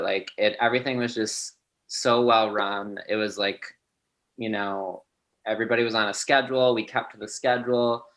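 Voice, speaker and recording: Easygoing low-voiced man, upbeat. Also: a bit bright, rough recording. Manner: easygoing, upbeat, loose phrasing. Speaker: cast member. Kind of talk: casual group video chat.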